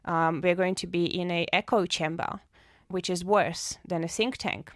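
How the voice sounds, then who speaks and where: A woman's voice: fairly low pitch, steady tone, moderate pace, no room sound, clean studio sound. A woman co-hosting a podcast, chatting casually, joking and then earnestly encouraging listeners. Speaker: podcast co-host. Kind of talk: casual chat.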